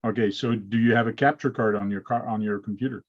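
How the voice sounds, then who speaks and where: A man's voice: fairly low pitch, steady tone, fast talker. A man hosting a casual hobby livestream, explaining things step by step with plenty of uh's over a video call. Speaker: host. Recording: lo-fi dull sound.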